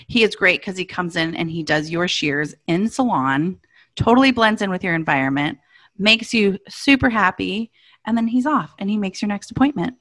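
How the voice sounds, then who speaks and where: A woman's voice: medium pitch, a bit bright, no echo. A woman hosting a podcast, upbeat and enthusiastic in casual chat. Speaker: podcast host.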